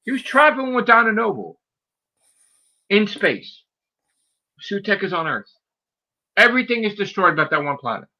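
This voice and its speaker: Hyped-up guy ranting on a podcast, high bright voice swinging all over, swears a lot. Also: moderate pace, long pauses. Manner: excitable, profane, mimics people in high voices. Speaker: podcast host. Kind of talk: heated casual podcast rant.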